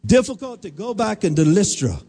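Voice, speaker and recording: A man's voice: high-pitched, very animated, brisk, warm tone, slightly rough, faint music behind. A middle-aged man preaching a sermon as pastor, asking the congregation questions and calling for responses.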